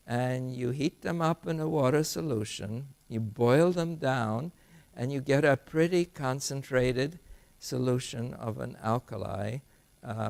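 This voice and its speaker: A man's voice: mid-range voice, vocal fry. An older man giving an academic lecture, thoughtful and digressive, often restarting his sentences. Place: lecture hall.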